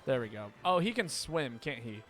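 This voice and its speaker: A man's voice: mid-range voice, sing-song, moderate pace, faint music behind. Chatty swearing man streaming a game. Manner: chatty and rambling, swears, reacts loudly to surprises. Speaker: streamer playing a video game. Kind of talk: casual livestream commentary.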